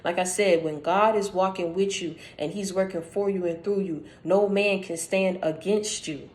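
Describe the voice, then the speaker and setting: A woman's voice: lowish voice, steady tone, moderate pace, darkish tone. A woman giving an informal prophetic message, preaching in a slangy, conversational storytelling way. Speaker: prophetic speaker.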